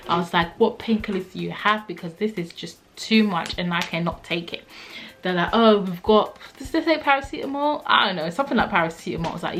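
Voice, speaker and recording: A young woman vlogger telling a personal story in a casual, animated way, acting out what people said. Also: mid-range voice, brisk, soft background music. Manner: animated, acts out quotes, frequent "like".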